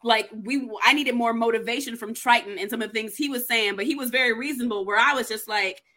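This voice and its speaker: Bright-voiced woman chatting animatedly. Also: fairly high pitch, quick pace. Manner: lively storytelling with playful mock grievance. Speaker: co-host. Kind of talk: casual chat.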